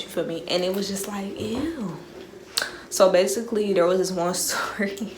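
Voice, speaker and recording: A woman's voice: mid-range voice, reverberant, slight background noise. A young woman vlogger in casual storytime mode. She talks in slang and keeps checking that the listener is following.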